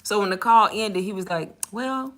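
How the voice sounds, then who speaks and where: A woman's voice: mid-range voice, steady tone, brisk, fairly bright tone. A woman casually telling a story about her call center job, frank and exasperated, acting out the conversations. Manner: candid and exasperated, acts out dialogue; frank with swearing and casual slang.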